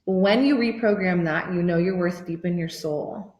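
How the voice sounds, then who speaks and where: A woman in her thirties, a life coach giving a motivational workshop pitch, gushing and excitable and swearing freely. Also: normal speed, roomy sound, highs cut off. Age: 30s.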